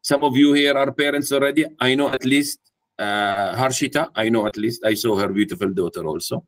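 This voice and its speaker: Speaking a little fast in a mid-range voice, a man leads an interactive talk at a mentoring workshop before a live audience. He poses questions to the room and role-plays a parent talking to a child.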